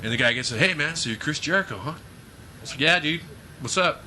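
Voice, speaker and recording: Man, podcast co-host, swears constantly, tense bright voice, acts out rants. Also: a little high, animated, fairly quick, a little hiss or hum. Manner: profane, acts out shouted trash talk. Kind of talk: casual chat, animated storytelling.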